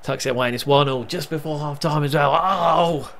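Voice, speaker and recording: A young man with a slightly high voice talks at a quick pace, with slight background noise behind him. He chattily calls the action in his football management game, cheering his team and exploding with excitement when goals come.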